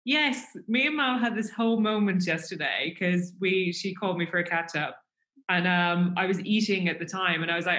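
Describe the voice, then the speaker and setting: Co-host, casual anecdote teller, bright forceful tone, echoey room. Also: mid-range voice, normal speed. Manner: storytelling, animated, filler-heavy. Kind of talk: casual chat. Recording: roomy echo.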